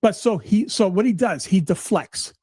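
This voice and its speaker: Loud, profane middle-aged man ranting. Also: high-pitched, animated, normal speed, breathy edge, dry recording, studio quality. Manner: combative, sarcastic, heavy swearing. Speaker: livestream guest.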